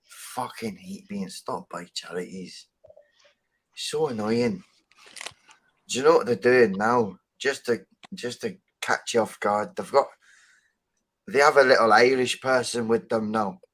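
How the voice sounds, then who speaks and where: A man's voice: on the low side, measured pace, a bit bright. Swearing, joking man in casual banter. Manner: swears often, jokey storyteller. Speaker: podcast panelist.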